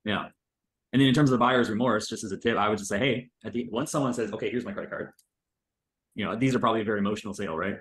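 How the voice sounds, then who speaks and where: A man's voice: lowish voice, rapid-fire, a bit bright, roomy sound. A man reviewing a recorded sales call in casual commentary, loose and chatty, full of filler words and the odd swear.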